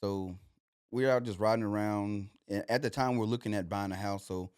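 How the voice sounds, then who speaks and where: A man's voice: lowish voice, fairly even intonation, normal speed, darkish tone, clear, resonant tone, no echo, clean studio sound. A young man, a podcast guest telling his story loosely, with lots of "like" and "you know". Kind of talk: casual storytelling.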